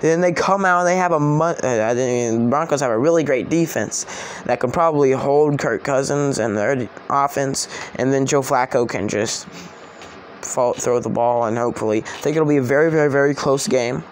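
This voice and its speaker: A man's voice: mid-range voice, normal speed, a little hiss or hum. Rambling, chatty young-sounding man. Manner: rambling, self-correcting, chatty. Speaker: sports vlogger. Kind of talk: casual sports predictions vlog.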